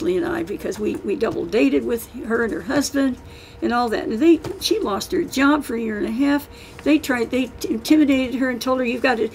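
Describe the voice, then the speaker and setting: A woman's voice: fairly high pitch, a little mellow, a little hiss or hum, poor audio. An older woman, an author, talking casually and emphatically to an audience, rambling and restarting as she goes. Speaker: author giving a book-signing talk.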